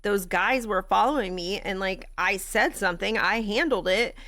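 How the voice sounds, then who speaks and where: A woman with a Texan accent, a grief coach and podcast host telling a story in a blunt, profane, animated way. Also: medium pitch, normal speed. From Texas. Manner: animated, blunt and profane, laughs between lines. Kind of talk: candid storytelling monologue.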